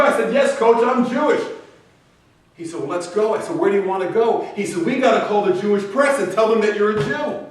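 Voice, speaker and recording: A man's voice: high-pitched, fairly quick, distant mic. Man telling stories in an echoey hall. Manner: animated storyteller, acting out quoted voices. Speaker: commencement speaker. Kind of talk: storytelling speech. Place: large event hall.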